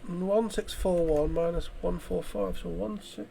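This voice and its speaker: Rambling, slightly high-voiced male gamer. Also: unhurried, vocal fry, dark tone, slight background noise. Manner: thinking aloud, rambling and self-correcting. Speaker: let's play host. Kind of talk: casual gameplay commentary.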